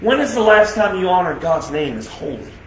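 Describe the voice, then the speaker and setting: Pastor, male, high-pitched, emphatic sermon delivery; loud proclamations that drop to hushed asides. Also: very animated, brisk, slight background noise. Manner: emphatic preaching with rhetorical questions; swings between loud declarations and quiet, soft asides. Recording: echoey room sound.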